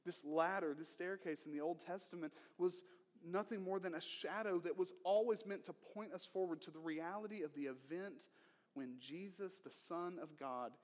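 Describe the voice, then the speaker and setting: A male pastor preaching a sermon in an earnest way, moving between emphatic lines and hushed ones. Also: high-pitched, moderate pace, long reverb tail.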